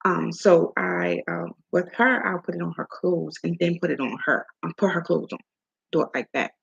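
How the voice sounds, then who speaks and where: Middle-aged woman from maryland just chatting, husky kinda gravelly voice, dull lo-fi sound. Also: on the low side, moderate pace. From Maryland, USA. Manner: chatty storyteller acting out dialogue. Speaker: host. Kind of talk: casual chat.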